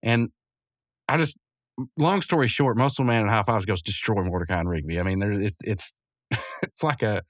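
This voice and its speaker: A man's voice: mid-range voice, animated, normal speed, long pauses, no room sound. A man casually recapping a cartoon episode into a close podcast mic, rambling, chuckling often and correcting himself as he goes. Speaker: podcast host.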